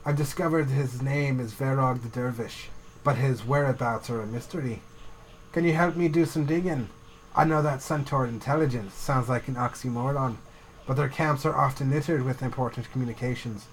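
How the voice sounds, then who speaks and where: A man's voice: medium pitch, moderate pace, a little hiss or hum, natural voice, low-quality recording. A man putting on a wry Jamaican-accented troll scout. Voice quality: put-on accent, reading quest text aloud.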